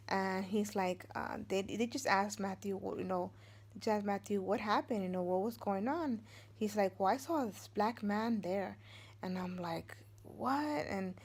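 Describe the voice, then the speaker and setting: A woman's voice: mid-range voice, a little mellow. A woman in her forties, a vlogger and mother of three, telling a story casually, rambling with many fillers and restarts and acting out what others said.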